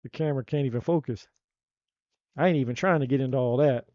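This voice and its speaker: A man giving a live tarot reading in a blunt, animated, slangy way. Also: medium pitch, fast, dry recording, muffled recording. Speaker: tarot reader.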